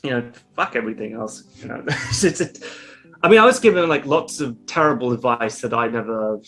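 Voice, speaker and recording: A man's voice: medium pitch, lively intonation, fairly quick, fairly bright tone. A man talking as an interview guest in a loose, rambling way, full of fillers and the odd swear word. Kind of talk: casual interview chat.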